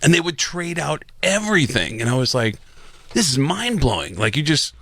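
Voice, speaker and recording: A man, a comedian telling road stories on a podcast in a casual, animated way, acting out the people he quotes. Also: a little high, moderate pace.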